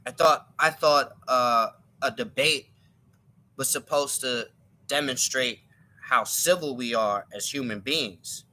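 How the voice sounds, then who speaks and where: A man's voice: medium pitch, slow pace, pushed and bright. A man giving an emphatic opinion monologue on his live stream, often repeating and restarting his words.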